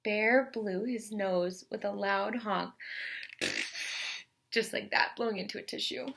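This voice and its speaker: A woman teacher reading a picture book aloud to children in an expressive way, stopping to explain words. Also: medium pitch, measured pace, gravelly, a little hiss or hum. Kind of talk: children's read-aloud narration.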